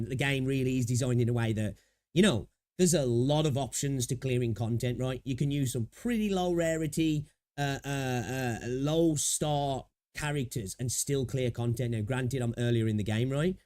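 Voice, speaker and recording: A man livestreaming casual commentary as he reacts to a video. He thinks out loud, rambles, laughs easily, and keeps checking in with "right?". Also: mid-range voice, normal speed.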